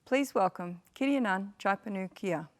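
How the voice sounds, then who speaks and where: A woman reads a formal introduction of the next speaker at a ceremony. Her delivery is measured and composed. Her pitch is moderate, neither high nor low. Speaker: ceremony presenter.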